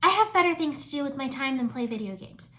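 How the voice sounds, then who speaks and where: A woman's voice: high voice, lively intonation, fast talker, pushed and bright, voice pushed up. A woman voicing a bossy, no-nonsense young female ninja, firm and impatient.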